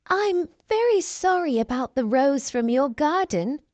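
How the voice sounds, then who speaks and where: Storybook heroine, young, kind and brave, read by a woman; unhurried, with plenty of melody. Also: high voice, expressive, a little mellow, dry recording, pitched above the performer's own voice. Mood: earnest.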